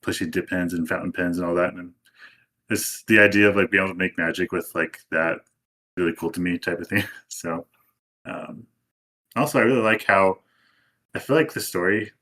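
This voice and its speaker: A young man with a very low voice explains his views in relaxed podcast chat. He pauses on hesitant ums and keeps an easy, explanatory tone. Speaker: podcast co-host. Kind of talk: casual anime review chat.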